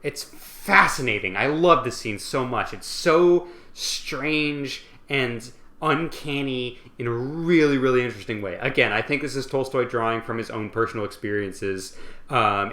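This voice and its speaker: A man's voice: mid-range voice, moderate pace, pushed and bright, echoey room. A tipsy man hosts a rambling, profane comedic book summary, loose and full of fillers. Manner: rambling, swearing, lots of fillers. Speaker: host.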